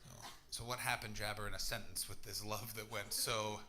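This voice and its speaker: A Canadian man in his thirties doing stand-up crowd work on a comedy club stage, loud and sweary, bursting into shouts. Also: lowish voice, fairly even intonation, normal speed. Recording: audible crowd noise.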